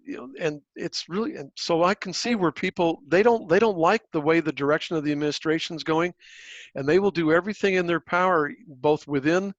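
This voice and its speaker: A blunt man with a slightly high voice, chatting on a podcast about politics. He swears easily and circles back through restarts as he talks. The sound is dry and a little dull and lo-fi. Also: fairly quick, no room sound. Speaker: podcast co-host. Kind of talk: casual political chat.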